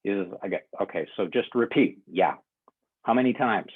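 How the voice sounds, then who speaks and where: Lively husky man on a tinny line. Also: on the low side, normal speed. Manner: animated, acts out both sides of a conversation. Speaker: workshop speaker. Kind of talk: storytelling conference workshop talk. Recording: thin phone-like sound.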